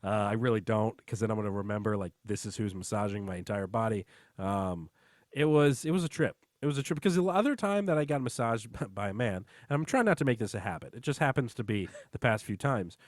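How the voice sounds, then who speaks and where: A man's voice: lowish voice, lively intonation, brisk, no room sound, clean studio sound. Young man rambling through funny stories. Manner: rambling storyteller, laughs through jokes. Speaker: podcast co-host. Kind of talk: casual chat.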